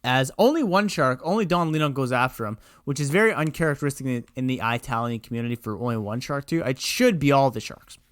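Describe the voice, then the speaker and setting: A man's voice: medium pitch, fast, hardly any pauses, dry recording, clean studio sound. Man casually recapping a movie. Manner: rambling movie recap with acted-out quotes. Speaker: podcast co-host. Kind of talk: casual chat.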